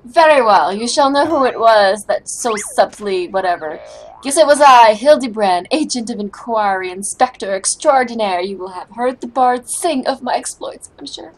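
A woman voicing a pompous gentleman inspector, reading game dialogue aloud in a grand, old-fashioned formal manner. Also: a little high, expressive, normal speed, poor audio. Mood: grandiose.

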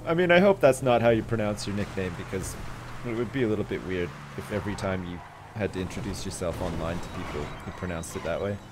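A man streaming a video game, commenting live in an excitable, jokey way with plenty of swearing. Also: low voice, fast talker, noisy background.

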